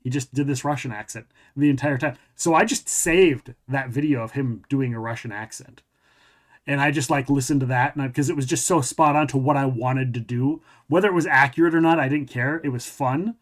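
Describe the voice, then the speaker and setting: A man's voice: mid-range voice, brisk. Chatty man telling a rambling story. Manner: rambling storyteller, loops back and restarts. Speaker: podcast host and tabletop game master. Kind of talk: casual interview chat.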